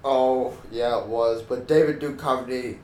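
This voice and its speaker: A man's voice: medium pitch, steady tone, unhurried, a little mellow. A young man joking casually and profanely in a movie chat. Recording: echoey room with faint noise.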